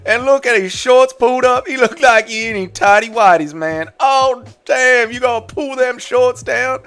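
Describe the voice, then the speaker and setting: A man putting on a Louisiana accent as an excited fight commentator. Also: very high-pitched, moderate pace, clean tone, voice pushed up. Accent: Louisiana put-on.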